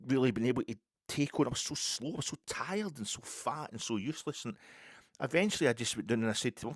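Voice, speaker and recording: A Scottish man in his fifties telling a rambling story in a casual monologue, full of restarts and sudden loud bursts. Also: mid-range voice, expressive, fast talker, husky, no echo, clean studio sound. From Scotland. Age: 50s. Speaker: podcast host.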